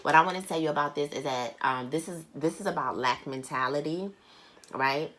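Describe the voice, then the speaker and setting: A woman giving a private tarot reading who speaks earnestly and bluntly, swearing casually, repeating phrases for emphasis and reading card text aloud slowly. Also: low-pitched, a bit bright, a little hiss or hum. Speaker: tarot reader.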